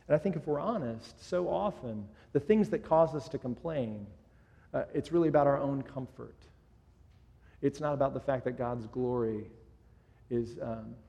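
Earnest preacher in an echoey hall. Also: male voice, medium pitch, gravelly, warm tone. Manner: earnest, with frequent restarts and "kind of". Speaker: pastor. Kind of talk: sermon.

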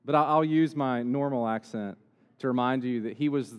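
A man preaching a sermon as pastor, conversational, with slow, emphatic pauses. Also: medium pitch, clean tone, dull audio. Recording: long hall reverb.

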